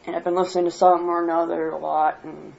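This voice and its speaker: A Michigan woman vlogs a worked-up personal monologue, blunt and swearing freely, in a dull lo-fi home recording. Her voice is lowish, creaky and darkish, and she talks fast but with flat delivery.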